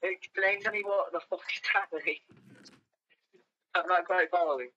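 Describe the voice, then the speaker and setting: A man's voice: high-pitched, fairly even intonation, normal speed, bright, forceful tone, muffled recording. A man improvising a game role-play in a brash, profane, threatening way.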